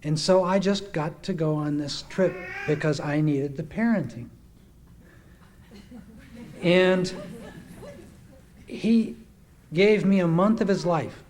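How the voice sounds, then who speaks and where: A man with a fairly high, darkish voice gives a heartfelt testimonial to a gathering, speaking slowly with long pauses. Earnest and reminiscing, he acts out quoted speech as he remembers.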